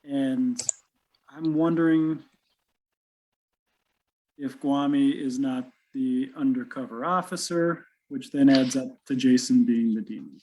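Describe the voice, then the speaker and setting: A man's voice: mid-range voice, takes it slowly, dark tone, rough recording. Analytical man reasoning aloud. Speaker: player. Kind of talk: casual game chat.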